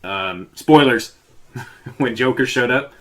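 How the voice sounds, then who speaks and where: A man's voice: medium pitch, slow pace. A man co-hosting a podcast in casual chat, rambling with many restarts. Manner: rambling, full of fillers. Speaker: podcast co-host.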